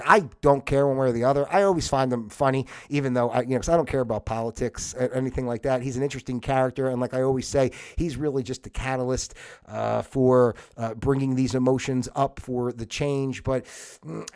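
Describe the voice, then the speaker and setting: A man's voice: medium pitch, darkish tone. A man hosting a livestream and talking alone in a casual monologue that rambles with many restarts and grows heated as he goes. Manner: rambling, restarts often, heated when worked up. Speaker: livestream host.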